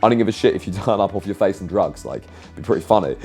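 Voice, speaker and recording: A young man reading out and commenting on his dating app chats in a sarcastic, deadpan way, swearing casually. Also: sits low, fast, slightly rough, soft background music.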